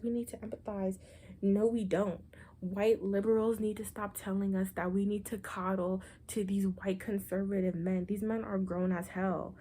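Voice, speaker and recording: Speaking to camera in a political rant, a female vlogger is sarcastic, foul-mouthed, and blunt, thoroughly exasperated. Her voice has a dark tone at medium pitch.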